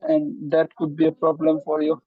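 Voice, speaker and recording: A man's voice: on the high side, completely flat delivery, moderate pace, breathy edge, dry recording. A man on an online webinar who introduces himself politely and hesitantly, speaking through a headphone mic. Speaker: webinar participant. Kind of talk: casual self-introduction. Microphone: headphone mic on a call. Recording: tinny call audio over a headset.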